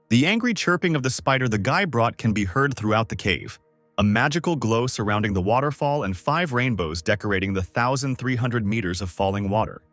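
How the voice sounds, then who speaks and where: A man narrating a comic story recap as scripted narration, voicing each character's lines by raising his pitch. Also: dry recording. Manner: lively, voices characters with higher pitch.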